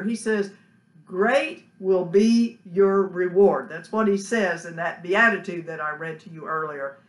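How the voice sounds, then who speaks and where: A woman preacher giving a slow, earnest sermon, letting phrases trail off into soft, hushed endings. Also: mid-range voice. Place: church sanctuary. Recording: echoey church room.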